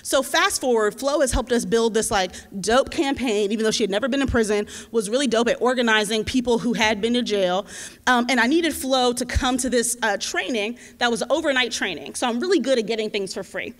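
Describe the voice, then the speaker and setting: A woman in her twenties, a community organizer, telling a lively, slangy story at a teach-in. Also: a little high, a little fast. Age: 20s. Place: lecture hall. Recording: reverberant hall.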